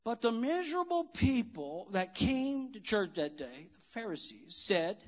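A man preaching a sermon in church as pastor, asking the congregation questions and swinging from quiet talk to shouting. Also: high voice, big pitch swings, unhurried.

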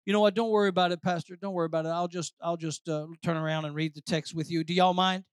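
A man preaching a sermon, calling for responses and swinging from soft asides to loud exhortation. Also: on the high side, fairly even intonation, fast, clean tone, no room sound, clean studio sound. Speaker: pastor.

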